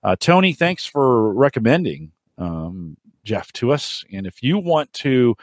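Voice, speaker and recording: A man's voice: medium pitch, sing-song, a little slow, dry recording, studio quality. A man hosting a podcast in casual chat, rambling and friendly with lots of fillers. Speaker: podcast host.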